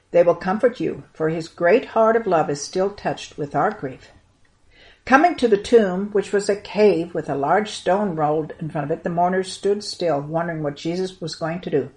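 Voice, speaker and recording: A woman telling a Bible story to children, earnest and expressive, lingering on the moving parts. Her voice sits somewhat low for a woman.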